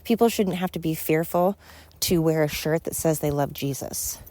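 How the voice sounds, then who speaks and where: A woman's voice: deep voice, normal speed, mellow, no echo. A woman hosting her podcast in a casual, earnest monologue, rambling and emphatic with many fillers, a little winded as she walks outdoors. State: slightly winded. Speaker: podcast host.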